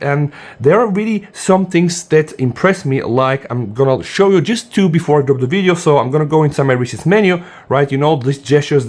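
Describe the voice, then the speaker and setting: A man's voice: fairly high pitch, a little mellow. Eager man reviewing a phone. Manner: enthusiastic, often says "guys". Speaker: tech reviewer. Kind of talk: casual unboxing review.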